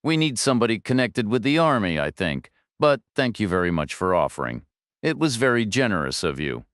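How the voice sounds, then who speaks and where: Frail elderly woman voiced by a man, hesitant, resigned, wavering, softly spoken. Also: lowish voice, big pitch swings, a little fast, dry recording, studio quality. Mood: sad, hesitant.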